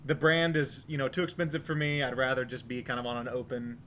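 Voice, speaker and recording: A man's voice: mid-range voice, flat delivery, quick pace, a bit bright, slight background noise. A man co-hosting a casual gaming podcast, rambling and jokey with lots of fillers. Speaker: podcast co-host. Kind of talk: casual chat.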